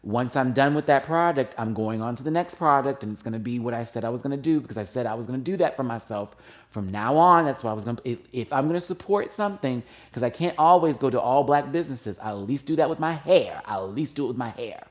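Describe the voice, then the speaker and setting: A man's voice: medium pitch, animated, fast. Gushing man chatting to viewers. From United States. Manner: chatty and gushing, swings from hushed asides to loud squeals. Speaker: host. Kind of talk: casual live-stream chat.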